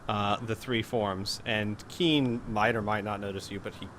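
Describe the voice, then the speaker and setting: A man narrating as game master in a tabletop role-playing game, relaxed with fillers. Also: lowish voice, a little slow, a little hiss or hum.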